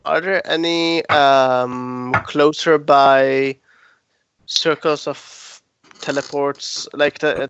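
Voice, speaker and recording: A man playing in a tabletop game, drawn-out and questioning. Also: mid-range voice, a bit bright, clear, resonant tone, no echo, muffled recording. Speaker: player. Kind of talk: casual tabletop play.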